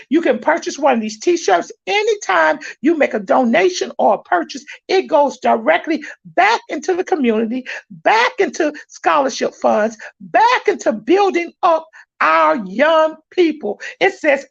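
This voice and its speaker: A woman hosting a podcast, loud and preachy, with an excitable, fiery delivery. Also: high voice, creaky. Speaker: podcast host. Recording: dull lo-fi sound.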